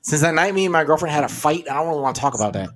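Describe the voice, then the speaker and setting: A higher-voiced man tells a comic story, in a casual and animated way. He acts out what other people said as he goes along. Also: racing. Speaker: comedian podcast co-host. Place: New York area.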